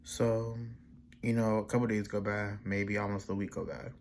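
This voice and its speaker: A man's voice: on the low side, steady tone, moderate pace, creaky, slight background noise. A young man casually telling a personal story for his vlog, rambling with slang and restarts and quoting his family in their own voices. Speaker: vlogger.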